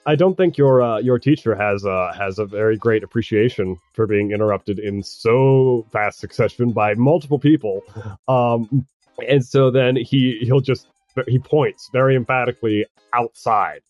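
A man's voice: mid-range voice, normal speed, a little mellow, no room sound, highs cut off, soft background music. A man narrating as game master of a tabletop game, hesitant and often restarting, with laughs.

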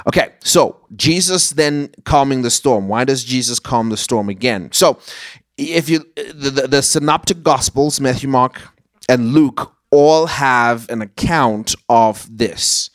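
A man's voice: medium pitch, measured pace, dry recording, clean studio sound. A man giving a Bible teaching who often repeats words as he searches for the next phrase.

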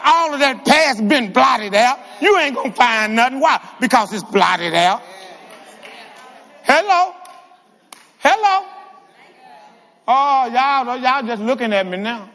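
Preacher, man, very high voice, lively call-and-response delivery, long church-hall reverb. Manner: animated, calls to the congregation. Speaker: guest preacher. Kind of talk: sermon.

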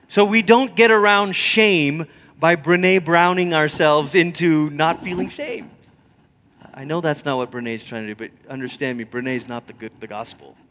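A man preaching a sermon, telling stories conversationally and swinging from loud emphasis to near whispers. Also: a little high. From Malaysia. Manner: storytelling, conversational. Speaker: pastor.

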